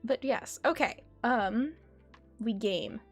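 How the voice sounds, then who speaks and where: A woman's voice: fairly high pitch, expressive, slow pace, husky, soft background music. A young woman chatting casually on a gaming livestream, giggly and self-deprecating. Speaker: streamer.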